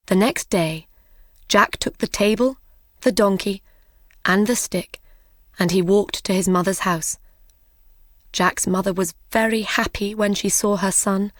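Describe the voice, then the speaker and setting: A woman reads a fairy tale for English learners at a very slow, careful pace. Her phrasing is clear and measured, and the recording is dry and close with no room sound. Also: mid-range voice, no room sound. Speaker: narrator. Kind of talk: graded storybook reading for English learners.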